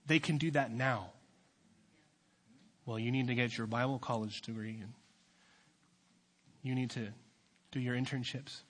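A young male youth pastor with a bright, forceful voice delivers a sermon. He shifts from low, offhand asides to loud, fervent preaching. His pitch sits in the middle range for a man. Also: fairly even intonation, a little slow, long pauses.

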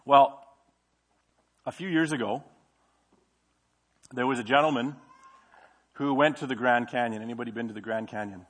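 A man's voice: medium pitch, steady tone, moderate pace, pauses often. A middle-aged male pastor preaching a sermon in a church, in a conversational way, asking the congregation questions. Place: church sanctuary.

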